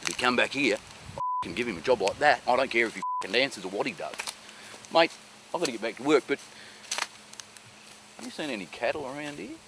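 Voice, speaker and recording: A man's voice: mid-range voice, lively intonation, background noise, close to an everyday voice. A man playing a blunt, swearing rural cattle boss. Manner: gruff, sweary, quick. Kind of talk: mockumentary interview acting.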